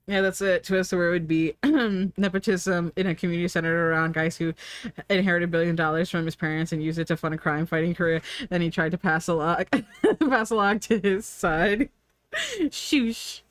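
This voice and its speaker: A woman streamer chatting casually, full of fillers and "like", acting out her own thoughts in lively quoted asides. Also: on the low side, moderate pace, no echo. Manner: frequent fillers and "like". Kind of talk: casual rambling chat.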